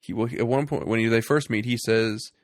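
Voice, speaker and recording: A man co-hosting a casual movie review podcast, sarcastic and quick to laugh. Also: mid-range voice, steady tone, dry recording, clean studio sound. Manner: sarcastic, laughs often, breaks into mocking impressions. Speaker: podcast co-host.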